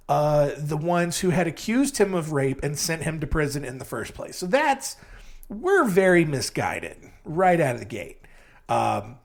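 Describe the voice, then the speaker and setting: A young man hosting a comedy true-crime podcast, with a slightly high voice that swings widely in pitch. He rambles and mocks himself, sleepy but still lively, with sudden squeaky jumps. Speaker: podcast host.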